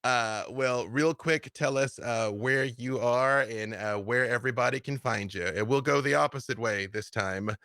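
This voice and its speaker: A man narrating as dungeon master, in a relaxed, chatty storytelling way with plenty of fillers. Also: mid-range voice, moderate pace, hardly any pauses, dry recording, studio quality. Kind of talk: narrating a tabletop game.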